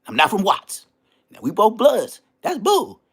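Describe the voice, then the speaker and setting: A man from Inglewood, telling a slang-heavy story in a casual, animated rant. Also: sits high, unhurried, husky. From Inglewood, Los Angeles. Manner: animated, slang-heavy, bursts into loud exclamations.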